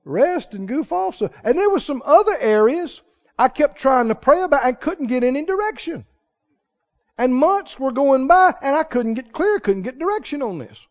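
A man preaching a sermon, telling stories in an animated way and chuckling often. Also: very high voice, normal speed. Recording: reverberant hall, muffled sound.

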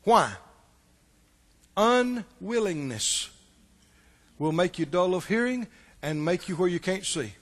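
A man with a very high voice preaches a sermon in a hall with a long reverb. He tells stories and swings between loud passages and hushed asides. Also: lively intonation, slow, long pauses. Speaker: pastor.

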